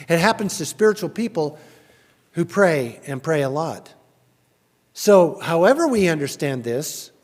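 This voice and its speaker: Preacher in a reverberant church. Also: male voice, sits high. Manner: conversational, asks the congregation questions; rises loudly when reading scripture. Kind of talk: sermon. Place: church sanctuary.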